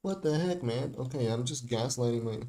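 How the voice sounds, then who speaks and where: A man's voice: medium pitch, normal speed, mellow. A young man rambling through a casual livestream breakdown of his own remix, with lots of fillers, restarts and laughs. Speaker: music producer streaming a breakdown of his remix. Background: faint music.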